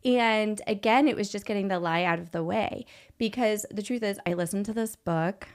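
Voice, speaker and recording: A woman hosting a podcast, telling a personal story in a casual, animated way and acting out the dialogue she quotes. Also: mid-range voice, moderate pace. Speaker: podcast host.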